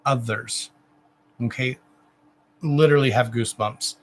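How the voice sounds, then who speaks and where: Gentle emotional man doing card readings. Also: medium pitch, fairly even intonation, measured pace, slight background noise, rough recording. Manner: gentle, soothing, addresses viewer with endearments; repetitive, emotional, self-interrupting. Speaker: psychic reader giving oracle card readings. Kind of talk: live-stream card reading.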